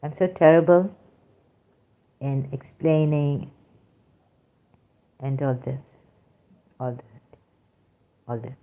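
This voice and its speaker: A middle-aged woman with a deep voice hosts a livestream, casually reading and talking to her chat over phone-quality audio. She speaks slowly with long pauses, yet stays animated and emphatic, using many fillers.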